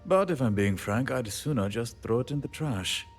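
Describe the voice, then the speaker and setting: A man's voice: medium pitch, lively intonation, moderate pace, soft background music. An actor voicing a middle-aged male handyman in video game dialogue, wry and rambling, laughing at himself. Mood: wistful. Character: weary, punning, self-deprecating male station handyman.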